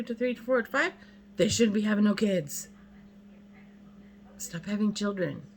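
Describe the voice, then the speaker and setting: Poor audio with a little hiss or hum carries the lowish voice of a female vlogger in her fifties. She rants casually to camera, venting bluntly to viewers and repeating herself emphatically in exasperation.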